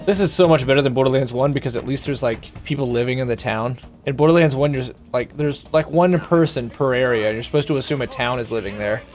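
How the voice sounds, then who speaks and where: A man's voice: medium pitch, fast talker, few pauses, a little mellow, faint music behind. A man casually commenting while streaming a video game, rambling and joking. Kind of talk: casual let's-play commentary.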